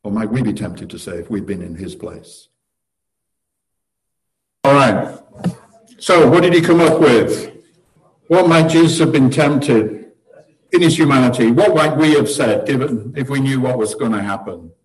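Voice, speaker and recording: A man's voice: mid-range voice, animated, a little slow, pauses often, poor audio. A man giving a conversational sermon to a seated group, earnest and posing rhetorical questions with wry humor. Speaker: church teacher leading table discussion.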